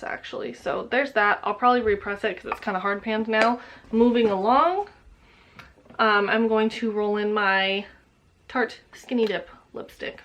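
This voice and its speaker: A woman's voice: medium pitch, a bit bright. Laid-back young woman co-host. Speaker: beauty vlogger co-host. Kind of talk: casual makeup chat.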